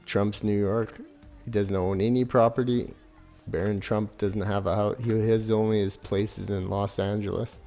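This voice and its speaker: A man's voice: fairly low pitch, level tone, moderate pace, dark tone, soft background music. A man giving casual, sarcastic, swear-heavy commentary while playing and reviewing a game. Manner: sarcastic, swears a lot, mocking laughs. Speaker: gameplay reviewer. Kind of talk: casual profane commentary over gameplay.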